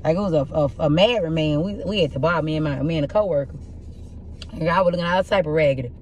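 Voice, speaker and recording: A young woman with a rough, husky voice, doing a casual tarot reading and telling blunt, profane stories in an animated way. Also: sits low, fast, slight background noise. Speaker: tarot reader.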